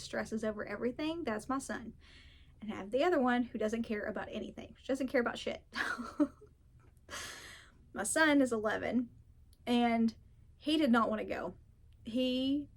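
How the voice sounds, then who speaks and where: A woman in her thirties chatting casually in a book vlog, telling stories and laughing often. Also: fairly high pitch. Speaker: book vlogger. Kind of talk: casual chat.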